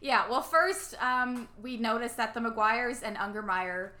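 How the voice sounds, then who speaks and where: A woman casually recapping a movie plot as a podcast co-host, animated and acting out the characters' lines. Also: fairly high pitch, measured pace. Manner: animated, acts out characters' lines, laughs often.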